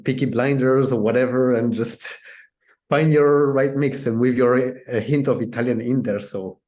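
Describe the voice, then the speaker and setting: Guy, mellow dark voice, laid back, keeps saying you know. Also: medium pitch, moderate pace. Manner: relaxed, hedging, frequent "you know". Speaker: guest language teacher. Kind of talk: casual video chat.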